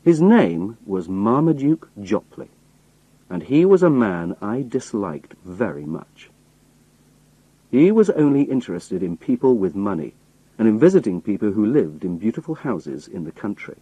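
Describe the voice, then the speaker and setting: A man reading a story aloud in first person, expressive storytelling. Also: fairly low pitch, a little slow, breathy edge, no echo, rough recording. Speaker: audiobook narrator. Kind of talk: scripted first-person narration.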